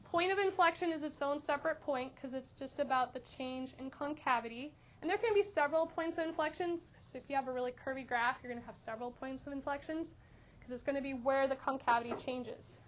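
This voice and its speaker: A woman teaching a high school math class, asking questions and encouraging students. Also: fast talker. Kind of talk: classroom lesson. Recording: dull lo-fi classroom recording with faint noise.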